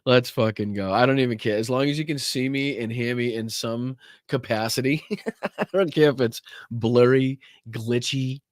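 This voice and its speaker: A man's voice: medium pitch, normal speed, no echo, clean studio sound. A man from Massachusetts, hosting a casual livestream podcast and rambling in a profane, joking way. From Massachusetts, USA. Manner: profane, rambling, joking about his tech troubles. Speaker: political podcast host.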